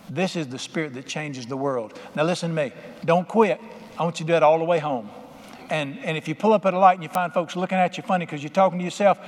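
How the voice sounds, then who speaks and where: A man preaching a sermon as pastor, exhorting his congregation and leading call-and-response. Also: a little high. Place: church sanctuary. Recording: long hall reverb with faint music.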